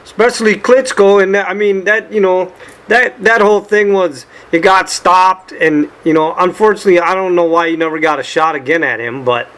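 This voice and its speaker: High-voiced male interview host. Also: moderate pace, a bit bright, smooth. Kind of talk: interview questions.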